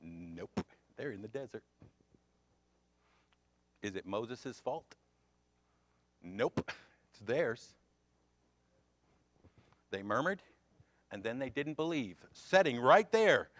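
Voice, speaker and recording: An American man teaching a Sunday school Bible class, swinging between loud emphatic questions and quiet asides. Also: mid-range voice, animated, measured pace, pauses often, no room sound.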